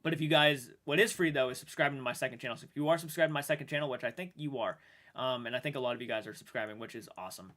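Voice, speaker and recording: A man streaming live and chatting with viewers, emotional and halting, restarting sentences and swearing now and then while sounding shaken. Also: mid-range voice, a bit bright. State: shaken and upset. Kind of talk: livestream chat with viewers.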